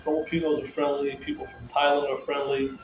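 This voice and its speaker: Male streamer, agitated and rambling monologue; loud background ambience. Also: mid-range voice, level tone, brisk, slight background noise. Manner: repetitive, circling back to the same phrases; agitated, ranting. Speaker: livestreamer talking to viewers. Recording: echoey, muffled, with loud room ambience.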